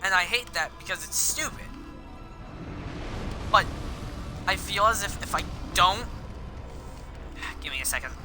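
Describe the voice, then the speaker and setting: A man's voice: high-pitched, animated, unhurried, pauses often, over music, low-quality recording. A man streaming a video game, rambling candidly and swearing often while he plays. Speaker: gaming streamer. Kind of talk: live game commentary with personal confession.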